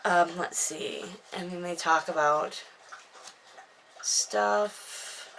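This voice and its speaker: A woman in her thirties chats at home into a camera, wandering off into self-mocking asides as she recaps her own novel. Her voice sits low yet sounds bright and forward. The talk stays loose and unscripted. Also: very slow, vocal fry, a little hiss or hum. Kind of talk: casual chatty book recap to camera. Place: at home indoors, dog nearby. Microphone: camera microphone.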